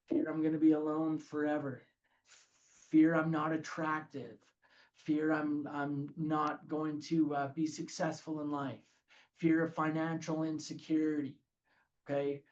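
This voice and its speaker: A man leading a recovery group study in a lively talk, often checking in with "okay?". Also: on the high side, dull audio, slight background noise. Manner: animated, says "okay?" often.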